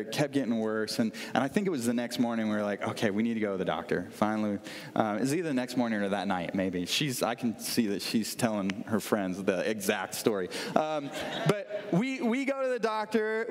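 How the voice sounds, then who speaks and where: A man's voice: medium pitch, long reverb tail. A man preaching a sermon in a conversational way, telling stories and asking the congregation questions. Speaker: pastor.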